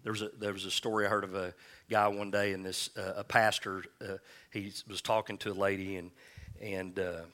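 Male pastor, lower register, pointed edgy delivery; casual preaching with jokes and call-and-response. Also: level tone, sharp tone. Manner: folksy, joking asides, scripture read slowly. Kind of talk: conversational sermon with call-and-response.

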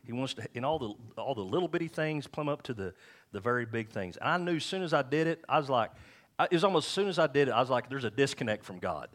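A middle-aged man preaching a sermon in a church, talking candidly and with self-deprecating humor, and slowing down to read scripture aloud. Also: medium pitch, expressive, fairly bright tone. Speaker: pastor.

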